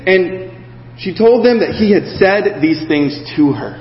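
A man preaching a sermon, reading scripture and then talking it through in a lively, animated way, acting out the voices he quotes. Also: high-pitched, normal speed. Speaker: pastor. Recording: echoey hall, dull sound.

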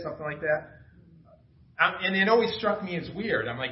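Recorded from a distance in an echoey small church room, the sound is dull with some hiss or hum. The middle-aged pastor's fairly high voice is expressive and brisk with frequent pauses. His sermon is informal and conversational, self-deprecating, and full of questions to the room.

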